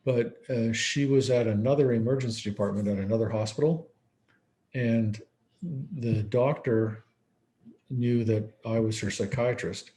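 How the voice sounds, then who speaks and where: A psychiatrist giving a conference lecture tells his case stories like a conversation, voicing the quoted exchanges himself. He has a mellow, medium-pitched voice and talks a little slowly.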